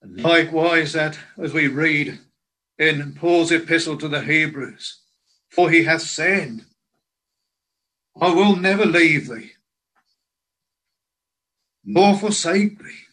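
A man preaching a sermon in a slow, earnest way, quoting scripture in old biblical language. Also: a little high, bright, forceful tone, low-quality recording.

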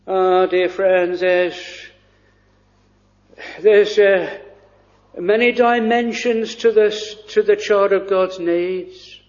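A man preaching a sermon in an earnest, hesitant way with frequent pauses. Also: high voice, steady tone. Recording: dull lo-fi recording.

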